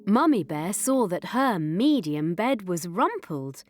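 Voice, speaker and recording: A woman reading a children's story aloud in a slow, clear, expressive way. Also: medium pitch, faint music behind.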